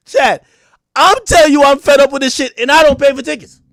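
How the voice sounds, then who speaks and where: A young man with a high voice rants to his live chat in a casual, profane way. He is animated and joking, and he breaks into loud outbursts. The sound is close and dry, with no room in it. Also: a little slow, no room sound. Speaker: streamer.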